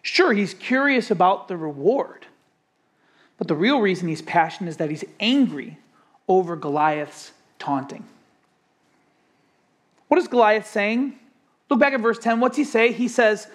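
Preacher, lively rising-and-falling delivery, emphatic, fires rhetorical questions at the congregation. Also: medium pitch, a little slow, pauses often. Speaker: pastor. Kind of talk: sermon.

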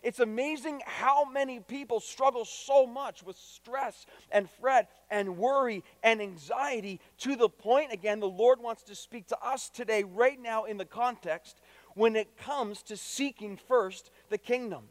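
A man's voice: extremely high pitch, normal speed, no echo, big-room sound. A man preaching a sermon to his congregation, emphatic, repeating key phrases and putting direct questions to his listeners. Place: church.

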